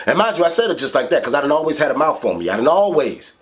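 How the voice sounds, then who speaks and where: A man telling a childhood story to camera in a casual, animated way, swearing heavily. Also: very fast, crowd noise. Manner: animated, profane, heavy swearing; big swings in pitch for emphasis. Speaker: vlogger.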